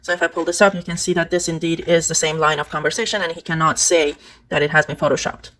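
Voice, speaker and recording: Fast-talking woman vlogger, annoyed, going through screenshots, lots of "like" and "blah blah". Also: low voice, level tone, fairly bright tone. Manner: indignant, exasperated; conversational, with fillers like "like" and "blah, blah". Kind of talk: casual talk-through of screenshots.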